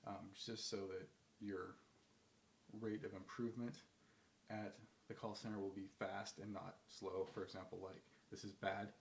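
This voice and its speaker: A man's voice: low voice, little pitch movement, moderate pace, creaky, roomy sound, a little hiss or hum. A man giving casual advice, rambling with many fillers and restarts, sometimes acting out phone calls. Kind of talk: casual talk to camera.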